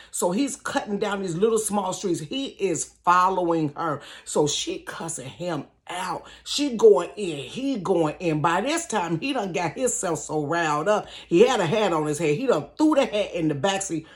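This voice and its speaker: Middle-aged woman vlogger, casual storytime, animated and chatty, talks straight to her viewers. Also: lowish voice, moderate pace, hardly any pauses. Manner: animated, slangy, keeps addressing listeners directly. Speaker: vlogger telling a personal story. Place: bedroom.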